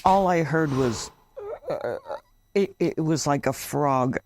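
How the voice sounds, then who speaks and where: A woman speaks slowly and softly as an interview guest, recalling a painful memory. She pauses and searches for her words, letting each one land. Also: low voice. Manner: soft, slow, searching for words. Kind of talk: emotional personal storytelling.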